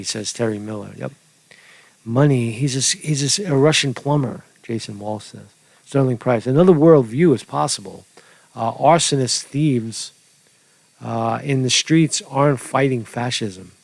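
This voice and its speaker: A man's voice: medium pitch, normal speed, creaky, a little mellow, no echo. A man hosting an informal commentary stream, rambling with many restarts and fillers. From New York. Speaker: news commentary host. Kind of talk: casual livestream commentary. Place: home studio.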